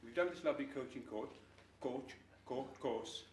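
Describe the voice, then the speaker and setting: A man's voice: medium pitch, normal speed, a little mellow, roomy sound, distant mic, slight background noise. A man in his late sixties from India, joking and chatting playfully about his life and career. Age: 60s. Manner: playful, interrupts with jokes and laughter. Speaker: testimonial speaker. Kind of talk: casual joking chat before an audience.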